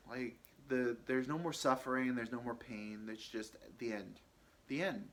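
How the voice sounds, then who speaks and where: Podcaster, male, mid-pitched; halting, rambling first-person storytelling. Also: fairly even intonation, a bit bright. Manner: rambling, halting, many fillers and restarts. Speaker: podcast host telling his own story.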